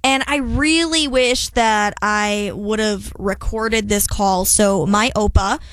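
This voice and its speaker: A woman hosting a radio show, telling a story in a chatty, animated way. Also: medium pitch, slow. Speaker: radio host. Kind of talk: casual on-air chat.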